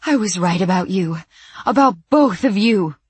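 A woman voicing a frantic middle-aged woman who scolds in a shrill, breathless way. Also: lively intonation, moderate pace, a little mellow, husky, dry recording. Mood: furious.

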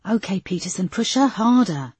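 A woman's voice: mid-range voice, expressive, normal speed, a little mellow, breathy edge, dry recording, pitched above the performer's own voice. A woman voicing a senior policewoman giving urgent, commanding orders. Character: brisk woman police chief inspector.

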